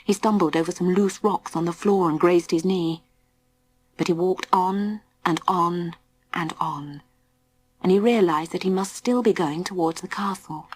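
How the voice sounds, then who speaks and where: A woman narrating a children's storybook in a gentle, suspenseful, often hushed way. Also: fairly low pitch, a little slow, breathy edge. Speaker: audiobook narrator.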